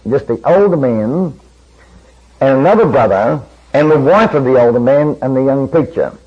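A man's voice: mid-range voice, slightly rough. A man preaching a sermon, telling a story in earnest and acting out the quoted dialogue. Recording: dull lo-fi old recording.

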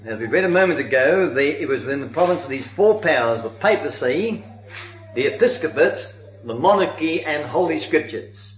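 A man's voice: fairly high pitch, animated, moderate pace. A man giving a sermon on church history, telling it earnestly with occasional hesitations, in a dull, roomy old recording. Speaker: preacher.

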